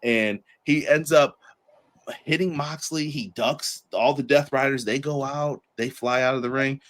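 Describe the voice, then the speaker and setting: A man hosting a podcast, reviewing a wrestling show in a casual chat and acting out the wrestlers in quick put-on voices. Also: mid-range voice, fairly even intonation, fairly bright tone. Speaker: podcast host.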